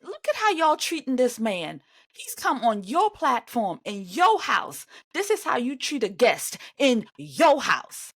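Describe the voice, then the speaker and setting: A woman in a reaction vlog, ranting at the screen with sharp sarcasm. Her voice leaps all over the place, from loud outbursts down to low mutters. The sound is dry, with no room echo. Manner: indignant and sarcastic, talks back at the screen; animated, swings between loud outbursts and mutters. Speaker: vlogger reacting to an interview. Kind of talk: reaction commentary.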